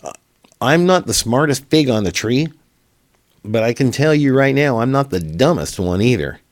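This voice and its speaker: A male show host speaking straight to camera in a live stream, earnest and halting, with many restarts. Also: mid-range voice, expressive, no echo, studio quality. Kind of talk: emotional address to camera.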